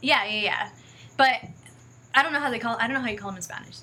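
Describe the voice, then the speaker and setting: A woman's voice: a little high, fast, sharp tone, slightly rough. A woman telling a personal story in a casual, rambling way, full of fillers and acted-out quotes, and close to tears.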